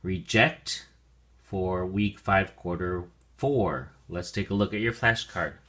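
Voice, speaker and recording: A male teacher giving a vocabulary lesson to students, pronouncing words slowly and deliberately with frequent fillers. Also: sits low, bright, forceful tone. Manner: slow, deliberate enunciation with fillers.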